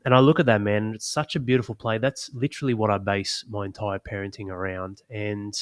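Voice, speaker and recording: A man's voice: lowish voice, fairly even intonation, brisk, smooth, no echo. A middle-aged man, a podcast co-host, speaking earnestly and reflectively in casual conversation. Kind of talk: casual chat.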